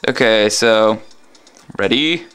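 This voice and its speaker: Joking man with a bright, crisp voice. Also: on the low side, slow, faint music behind. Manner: joking, sarcastic asides. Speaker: let's play commentator. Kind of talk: casual gameplay commentary.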